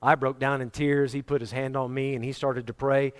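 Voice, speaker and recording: A man preacher delivering a sermon, telling personal stories in a lively way and acting out the voices of the people in them. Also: mid-range voice, brisk, clear, resonant tone. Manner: animated storyteller, acting out quoted voices.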